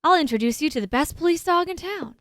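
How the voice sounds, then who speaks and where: A woman voicing a gruff, fatherly male police detective in a game, speaking in a lowered voice with a tough, folksy manner. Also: lively intonation, fast talker, dry recording, studio quality. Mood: reassuring.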